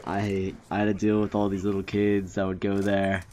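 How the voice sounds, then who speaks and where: A man's voice: fairly low pitch, completely flat delivery, normal speed, darkish tone. A young man telling stories in a casual, rambling commentary, full of fillers and restarts. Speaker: commentary youtuber. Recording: faint background noise.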